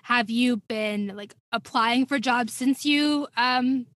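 A woman hosting a podcast in an upbeat, chatty way, leaning on words for playful emphasis. Her voice sits a little high, and the sound is close and dry with no room around it. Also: slow, a bit bright, no room sound. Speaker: podcast host. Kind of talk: casual podcast chat.

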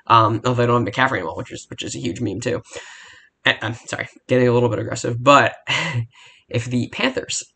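Young male podcast host, quick and profane, heated rambling football rant. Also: medium pitch, fairly even intonation, vocal fry, pushed and bright, slightly rough.

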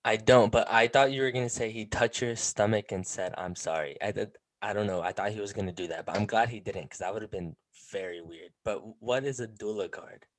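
A man with a low voice hosts a casual interview. He reacts easily to his guest's story and asks relaxed follow-up questions. His voice is recorded dry and close, with no echo. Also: brisk, few pauses.

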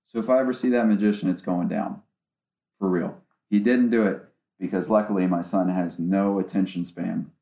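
A man's voice: low voice, steady tone, normal speed, creaky, warm tone. Sarcastic man ranting on a podcast. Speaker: podcast host. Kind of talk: solo casual podcast talk. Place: small home studio. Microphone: one omnidirectional microphone.

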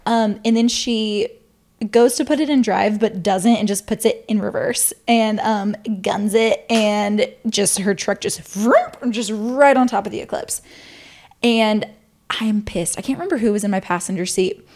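A young adult woman co-hosting a podcast, telling stories in a casual, animated way and swearing freely. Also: mid-range voice, unhurried. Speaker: podcast co-host. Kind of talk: casual storytelling chat.

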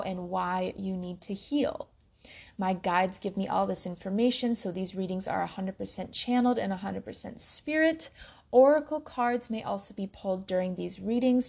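A woman hosting her own wellness podcast, talking to listeners in a slow, relaxed way with frequent ums. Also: mid-range voice, gravelly. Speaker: podcast host and intuitive health coach. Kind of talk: casual podcast monologue.

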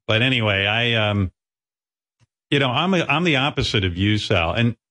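A man's voice: medium pitch, animated, normal speed, bright, forceful tone. A middle-aged man hosting a radio show in a studio, telling rambling, profane, self-mocking stories in casual banter.

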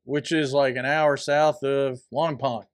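A man's voice: mid-range voice, fairly even intonation, unhurried, dry recording. A man co-hosting a casual podcast, teasing his partner with dry wisecracks. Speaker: podcast co-host. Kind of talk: casual chat.

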